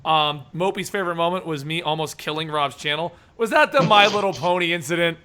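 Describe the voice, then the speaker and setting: A man's voice: a little high, brisk, pushed and bright. A man hosting a podcast, reading chat comments in casual chat and laughing often.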